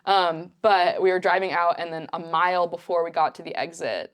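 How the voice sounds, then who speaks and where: Young woman guest, lively storyteller, slightly low voice, acts out quotes. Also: a little fast. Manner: animated, acts out quotes, many fillers. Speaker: podcast guest. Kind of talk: casual storytelling.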